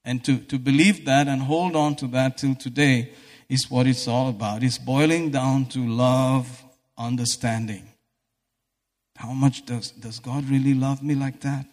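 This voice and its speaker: A man's voice: mid-range voice, fairly even intonation, a little slow, darkish tone. A man preaching a sermon in a church hall, fervent and breaking into exclamations of praise. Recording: echoey hall reverb.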